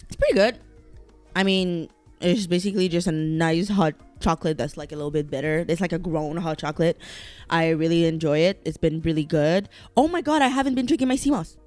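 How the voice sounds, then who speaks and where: A woman's voice: fairly low pitch, brisk, darkish tone, soft background music. A woman hosting her own podcast in a casual, rambling solo chat. She swears freely, trails off, restarts her sentences and speaks candidly. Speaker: podcast host.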